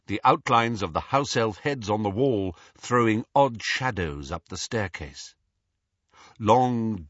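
A man reads a storybook slowly, his husky voice rising and falling widely. The tone is bright and the sound dry and close. The audio is slightly dull. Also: fairly low pitch, no room sound. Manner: measured, expressive. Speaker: audiobook narrator. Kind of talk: storybook narration.

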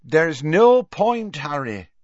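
A man voicing a calm, unruffled young woman witch speaking unhurriedly. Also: a little high, takes it slowly, no room sound, highs cut off, voice pushed up.

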